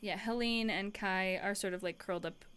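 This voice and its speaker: A woman's voice: medium pitch, moderate pace, a bit bright, clear, resonant tone. A woman narrating a tabletop game as game master, casual, with many fillers and restarts.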